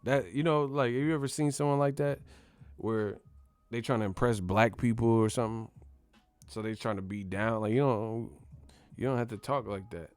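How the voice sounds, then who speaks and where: A man's voice: medium pitch, steady tone, normal speed, a little mellow, smooth, no room sound, soft background music. Profane, mocking man with a dry sound. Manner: profane, mocking, rambling slang-heavy talk. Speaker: boxing channel host. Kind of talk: casual rant to camera.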